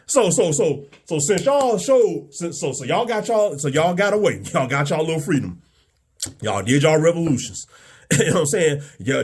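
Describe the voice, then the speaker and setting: A man's voice: fairly high pitch, breathy edge. A man giving a live-streamed rant in a mocking, combative way, laughing between phrases and repeating himself often. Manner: repeats "you know what I'm saying" often. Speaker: online commentator. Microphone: remote live stream.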